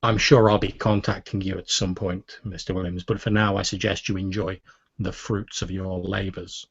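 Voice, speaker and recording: A man voicing a cold, calculating male crime lord who speaks slowly and quietly. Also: low-pitched, little pitch movement, vocal fry, husky, dry recording, heavily acted. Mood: cool menace. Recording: dull, dry lo-fi audio.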